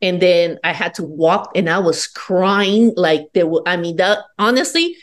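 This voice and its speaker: A woman's voice: fairly low pitch, expressive, unhurried. A woman from Peru, a podcast guest, telling her personal story in a candid, profane and defiant way.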